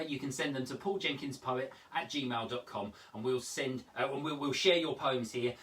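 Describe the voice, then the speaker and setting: A man's voice: medium pitch, distant mic. A man hosting a daily poetry show from home, reading poems aloud and chatting to viewers in a playful, theatrical way. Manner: animated, playful, theatrical delivery.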